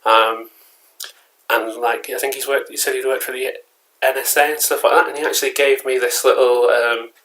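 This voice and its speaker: A man's voice: medium pitch, steady tone, normal speed, fairly bright tone, poor audio. A man with an English accent chatting casually at home as a collectibles vlogger, rambling along with frequent fillers and restarts. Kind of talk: casual vlog chat. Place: at home, indoors.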